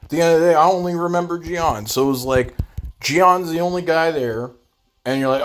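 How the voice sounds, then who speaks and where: A man's voice: fairly high pitch, a little fast. A young man ranting sarcastically in a casual gaming commentary vlog, swearing freely.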